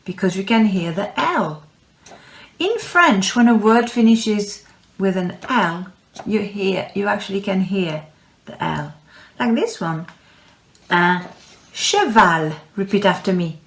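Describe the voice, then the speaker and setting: A woman teaching French words to young pupils, speaking slowly and patiently and stretching words out for them to repeat. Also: mid-range voice, expressive, creaky, reverberant. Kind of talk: slow, clear classroom instruction.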